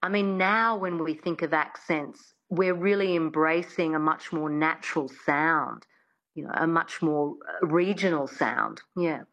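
A woman accent coach talks through her answers in a measured way on a radio interview, often adding "yeah". Her voice sits slightly low and comes over a dull, lo-fi remote line. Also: fairly bright tone.

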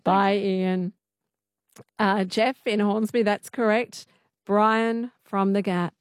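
A woman's voice: mid-range voice, steady tone, slow, no echo, clean studio sound. A woman hosting a late-night radio quiz, chatty and friendly, explaining the answers at length. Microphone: studio microphone.

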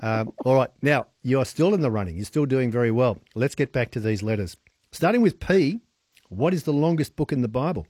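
A man's voice: mid-range voice, lively intonation, brisk, a little mellow, husky, no echo, clean studio sound. A man hosting a radio phone-in quiz, chatty and upbeat, laughing easily with callers. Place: radio studio.

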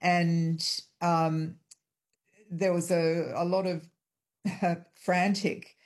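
A woman guest in a hotel room, speaking over an internet call, explaining in a measured way with frequent ums. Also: fairly low pitch, flat delivery, darkish tone. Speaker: historian guest.

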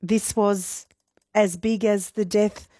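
A woman's voice: medium pitch, fairly even intonation, slow, no room sound. Woman, radio host, chatty, dry close sound. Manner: warm, emotional, chatty. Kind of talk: breakfast radio talk.

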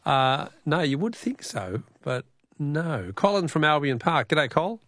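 A man's voice: on the high side, very animated, measured pace, fairly bright tone, no room sound. A middle-aged Australian man hosting a radio call-in quiz, jovial and chuckling as he repeats the question.

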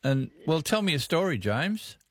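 Hosting casual talkback radio, a man with an Australian accent keeps things friendly and chatty with callers, using "mate" and "reckon." His voice sits on the high side, with big pitch swings, a breathy edge, and a normal pace.

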